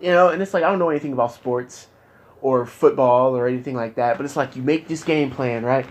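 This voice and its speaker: A man's voice: medium pitch, quick pace. A young man talking candidly with his therapist, frustrated and profane, his voice climbing into anger as he vents. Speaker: patient in therapy.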